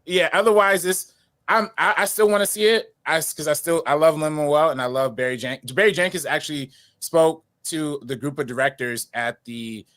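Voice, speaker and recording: A man who is a guest on a casual movie podcast, speaking in a relaxed, slangy way and often saying "you know.". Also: a little high, normal speed.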